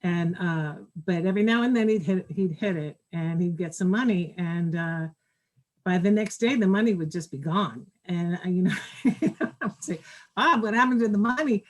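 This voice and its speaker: A woman with a lowish voice hosts an online memorial gathering. She talks haltingly, pausing often and adding little fillers as she goes. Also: a little mellow, low-quality recording. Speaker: memorial host. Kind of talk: casual remembrance. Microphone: video call.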